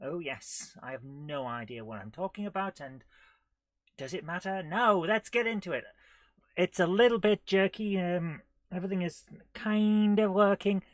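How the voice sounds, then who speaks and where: High-voiced man hosting a silly live stream. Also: moderate pace, dry recording. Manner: silly, rambling, jokey rhymes, laughs often. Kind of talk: casual live-stream chat.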